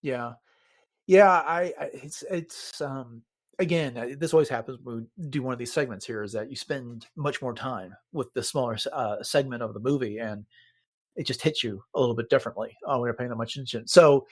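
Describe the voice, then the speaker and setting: A man's voice: mid-range voice, fairly quick. Man retelling film scenes. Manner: animated retelling with quoted lines. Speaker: podcast co-host. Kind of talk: casual chat.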